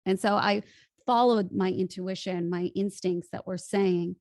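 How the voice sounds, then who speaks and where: A woman from Chicago, a voice coach guest on a podcast, telling a story lively and acting out the dialogue. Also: medium pitch, normal speed, dry recording, studio quality. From Chicago, USA. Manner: lively, acts out quoted dialogue, laughs easily. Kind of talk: animated storytelling in an interview.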